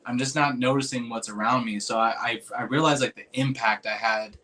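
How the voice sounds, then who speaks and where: Fairly quick, bright, and forceful, his medium-pitched voice stays fairly even in intonation. He tells a loose personal story laced with "dude," "like," and swearing, becoming earnest and emotional over the moving bits.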